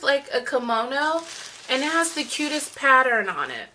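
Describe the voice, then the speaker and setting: A young woman vlogger chatting excitedly through an unboxing, gushing with lots of "you guys" and "like". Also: high voice, normal speed, a little hiss or hum. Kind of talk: unboxing vlog chat.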